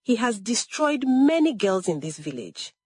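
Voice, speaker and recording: A woman's voice: a little high, big pitch swings, measured pace, breathy edge, dry recording, studio quality, pitched above the performer's own voice, exaggerated voice. A woman voicing a stern, protective young village woman who speaks sharply and firmly in a storybook scene. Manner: firm, sharp.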